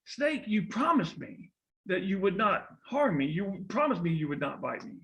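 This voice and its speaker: A man voicing a wary young boy in a spoken folk tale, protesting loudly. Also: high-pitched, moderate pace, pitched above the performer's own voice, exaggerated voice. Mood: shocked. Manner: excited, protesting. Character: frightened young boy, wary then betrayed.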